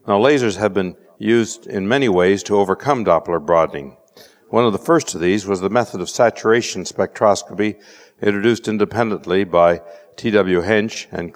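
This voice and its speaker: A man giving a measured scientific lecture with dry wit, often pausing on "uh". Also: sits low. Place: lecture hall. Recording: lecture hall reverb.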